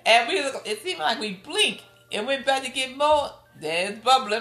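A middle-aged woman with a New Orleans accent, a podcast guest telling family stories in a lively, casual way and acting out the voices of her relatives. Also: a little slow. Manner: lively storyteller, acts out family quotes with big pitch jumps. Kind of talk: casual storytelling interview. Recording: roomy room with faint music behind.

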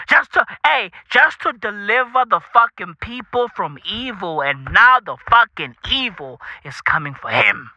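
Swaggering South African man, bright edgy voice. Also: high-pitched, very animated, measured pace, no echo. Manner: swaggering, slangy, repeats phrases, heavy swearing. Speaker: podcast host. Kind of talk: profane comedic podcast rant. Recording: dull lo-fi dry recording.

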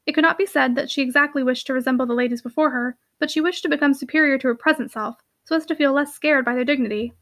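A woman reading a classic novel aloud in a brisk, lively narration. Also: high voice. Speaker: audiobook reader.

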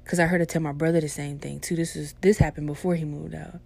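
A woman's voice: low-pitched, flat delivery, quick pace, vocal fry, a little mellow. A young adult woman telling a personal story in a casual, laid-back and profane way.

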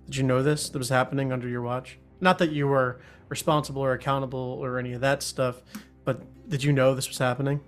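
A man at a tabletop game, speaking in character with an earnest, pleading push. His voice sits mid-pitched and plain. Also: flat delivery, soft background music. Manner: earnest, pleading, quick to laugh. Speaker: player.

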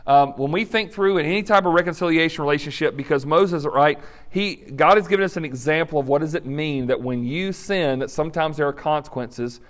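A man's voice: fairly high pitch, fairly quick, few pauses. A male pastor preaching in an earnest, direct, conversational way, with fillers. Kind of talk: sermon.

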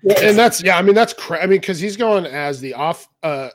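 A man's voice: sits high, expressive, normal speed, no echo. Dude on a baseball podcast, dry close mic, stammers his way in. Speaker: fantasy baseball podcast panelist. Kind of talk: casual chat.

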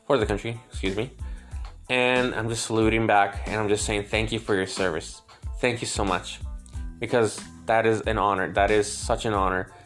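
A man with a fairly low voice talks as a psychic medium, relaying messages in a gentle, stop-and-start way. He repeats himself and laughs softly between thoughts. Faint music plays behind him. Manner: gentle, halting, repeats words often; emotional, laughs between lines. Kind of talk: spirit reading, relaying messages.

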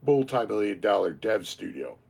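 A man in his thirties talks through gaming news in a loose, rambling way, full of fillers and false starts. His voice is gravelly and husky. His pitch rises and falls with lively swings. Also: moderate pace. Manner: rambling, many fillers and restarts. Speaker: podcast co-host. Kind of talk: casual gaming chat.

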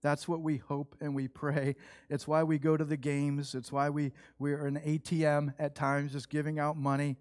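A middle-aged man preaching a sermon, telling a lively personal story and acting out what people said. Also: a little high, normal speed, no echo, clean studio sound. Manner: animated storytelling, acts out quoted voices. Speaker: pastor.

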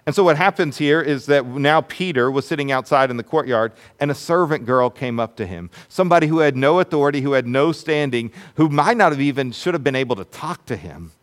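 A man preaching a sermon in a conversational way, with many fillers and restarts, who drops to a hushed voice for dramatic moments. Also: mid-range voice, lively intonation, brisk, few pauses. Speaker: pastor.

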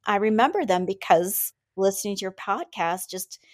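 A woman's voice: medium pitch, lively intonation, moderate pace. A woman who is a returning podcast guest, chatting eagerly and gratefully, often restarting her sentences. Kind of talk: casual podcast chat.

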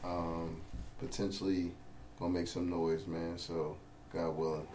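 Upbeat deep-voiced male guest. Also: little pitch movement, unhurried, darkish tone, reverberant, slight background noise. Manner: upbeat, hopeful, many "um"s. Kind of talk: casual chat.

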